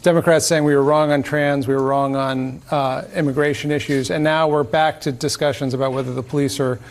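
A man's voice: medium pitch, steady tone, brisk. A man giving political commentary on a panel, with stammering restarts.

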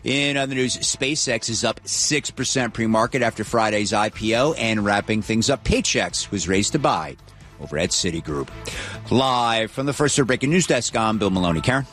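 A man reading market news from a breaking news desk, rapid and matter-of-fact. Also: lowish voice, expressive, fairly bright tone, soft background music. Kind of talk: scripted market news read.

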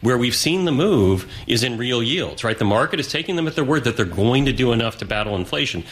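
A man as an investment strategist in a studio news interview, talking in a measured, analytical way and often adding "right?". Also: medium pitch, animated, fairly bright tone. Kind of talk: live financial news interview. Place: broadcast studio.

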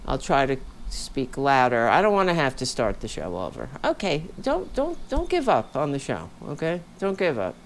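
A woman's voice: rumbling low, huge pitch swings, moderate pace, few pauses, slight background noise. A woman hosting a casual livestream chat from home, rambling and candid, sounding tired. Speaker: podcast host. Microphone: home studio microphone.

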